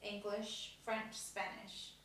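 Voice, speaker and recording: A woman's voice: mid-range voice, flat delivery, takes it slowly, crowd noise. Chatty young woman in an echoey room. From Kosovo. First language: Albanian. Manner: chatty, laughs often, many "you know" fillers. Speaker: actress guest. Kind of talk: casual interview chat. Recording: echoey room, distant mic.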